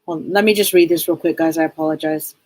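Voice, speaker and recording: A woman with a lowish, husky voice hosts a live psychic reading stream. She talks in a heartfelt, rambling way and often circles back to restart her thoughts. The sound is dry and close. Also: steady tone, fast, dark tone, no room sound, poor audio. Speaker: psychic reader, host of a live show.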